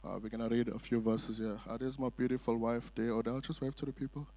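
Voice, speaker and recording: A middle-aged man guest preaches in a church sanctuary, talking fast in a mid-range, darkish voice with fairly even intonation. His sermon is chatty storytelling laced with jokey asides and many "uh" fillers.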